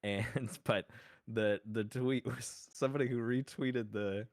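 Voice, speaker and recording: With a steady, mid-range voice at a measured pace, this man co-hosts a podcast and argues mock-formally in a playful courtroom parody. He rambles and laughs a lot, captured in a dry, studio-quality recording.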